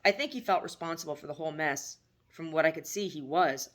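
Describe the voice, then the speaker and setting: A woman's voice: deep voice, fairly quick, close to an everyday voice. A woman voicing a middle-aged mother who frets and scolds in a fussy, motherly way.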